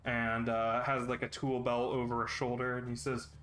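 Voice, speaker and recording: A man's voice: medium pitch, normal speed. Guy running a tabletop game, mid voice, faint hiss behind. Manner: relaxed, with many fillers. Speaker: game master.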